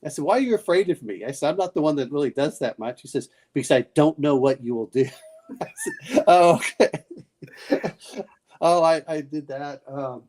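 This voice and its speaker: A man with a fairly high, slightly mellow voice talks a little fast during an easygoing late-night chat. He rambles on about family, acts out people's lines, and often begins his thoughts over.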